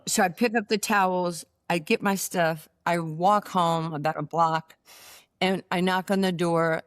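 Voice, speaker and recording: A woman, a guest telling lively stories from her childhood in a casual chat, full of fillers and restarts. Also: on the low side, unhurried, clear, resonant tone, no echo, studio quality. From New York. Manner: animated storyteller with many fillers and restarts. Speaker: interview guest.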